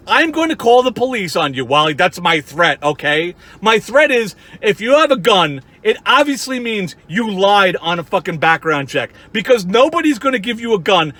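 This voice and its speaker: High-voiced man in an angry profane rant. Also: pushed and bright. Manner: profane, heated, repetitive. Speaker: YouTuber.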